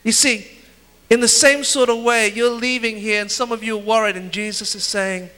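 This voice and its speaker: A male preacher with a very high, sharp voice delivers a lively sermon in short bursts. He acts out scenes and then drops to a soft, slow voice for quoted words. The long reverb of a church hall trails after every phrase. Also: clean tone. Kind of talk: sermon with interpreter. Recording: echoey hall.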